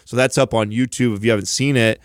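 A man's voice: mid-range voice, fairly even intonation, fast, dry recording, studio quality. A man co-hosting a fitness podcast, chatting casually and telling stories, acting out the voices of people he quotes. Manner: storytelling, acts out quoted voices. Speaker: podcast co-host. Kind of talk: casual chat.

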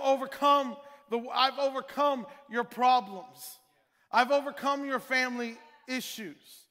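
High-voiced, bright male pastor preaching. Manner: emphatic, repetitive preaching with rhetorical questions. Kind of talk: sermon. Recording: long reverb of a large hall.

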